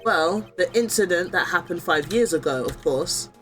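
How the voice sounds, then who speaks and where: A young adult woman streaming a game, chatting excitedly with her viewers and reading the game's dialogue aloud. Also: fairly low pitch, moderate pace, soft background music.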